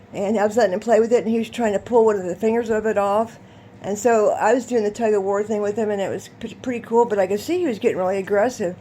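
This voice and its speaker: A woman vlogging, telling a rambling, animated story and laughing often as she talks. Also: mid-range voice, a little hiss or hum. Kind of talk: casual storytelling to camera.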